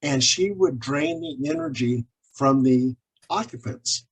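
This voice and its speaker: Speaking a little slowly, the man has a slightly high voice with vocal fry and a breathy edge, on a rough recording. As an interview guest, this paranormal investigator and author recounts his cases in animated stories, acting out what people said.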